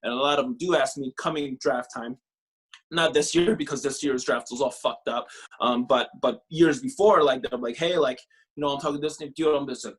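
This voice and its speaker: A young man from Canada, a podcast guest and former pro ballplayer, telling his story in a casual, profane, animated way full of filler phrases. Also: mid-range voice, a little fast, slightly rough.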